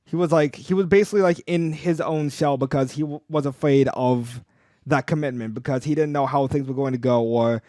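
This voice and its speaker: A man's voice: medium pitch, steady tone, brisk, darkish tone, no echo, studio quality. A young man co-hosting a casual podcast, talking with enthusiasm, rambling through restarts and fillers. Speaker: podcast co-host.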